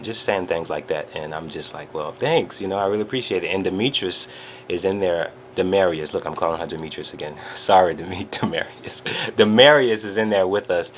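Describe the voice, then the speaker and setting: A man with a very low voice tells his story in an animated, eager way. He fills it with "you know" and "uh" and acts out each quote. A faint hiss sits under the recording. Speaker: vlogger. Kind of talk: excited personal recap.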